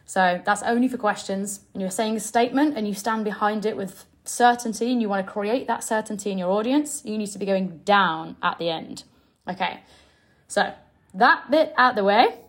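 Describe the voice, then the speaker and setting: A woman's voice: mid-range voice, moderate pace. A young woman giving blunt, emphatic coaching advice straight to her audience. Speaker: sales coach. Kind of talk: direct coaching talk to camera.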